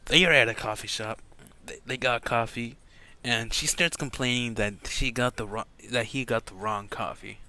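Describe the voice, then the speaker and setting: A man's voice: medium pitch, normal speed, hardly any pauses, pushed and bright. A man telling an improvised fan story in a casual, rambling way, stumbling and correcting himself.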